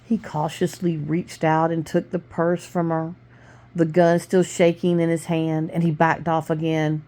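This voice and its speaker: A woman with a low voice reads a novel aloud. She keeps a steady pace with small stumbles here and there. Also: a little slow. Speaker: reader.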